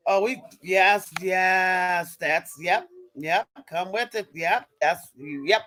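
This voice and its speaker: Poor audio captures a woman hosting a live stream, an adult mother of young kids, as she answers viewer chat with an emphatic, repetitive rant. Her voice is fairly low and a bit bright, and she takes it slowly, stopping and restarting mid-sentence.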